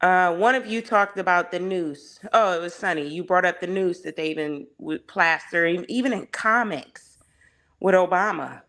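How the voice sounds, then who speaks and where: A woman's voice: on the low side, moderate pace, fairly bright tone. A woman as a guest in a casual discussion, speaking with passion and piling up rhetorical questions. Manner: impassioned, heavy on rhetorical questions.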